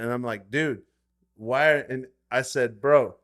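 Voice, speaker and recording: A man in his thirties swaps stories on a casual podcast, cursing freely and acting out what people said. His pitch sits in the middle for a man. He shifts between loud outbursts and quieter asides. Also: a little slow. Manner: animated storyteller, swears a lot, acts out quotes. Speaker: podcast co-host. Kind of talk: casual chat.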